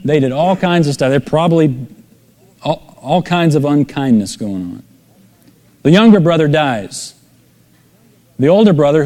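In a sermon full of stories, a middle-aged pastor's fairly high, warm voice acts out quoted speakers with sudden bursts of emphasis. Long hall reverb surrounds him.

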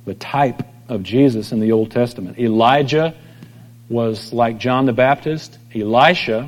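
A middle-aged pastor giving a conversational sermon, telling stories and acting out quoted voices. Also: male voice, medium pitch, a little slow. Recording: long hall reverb.

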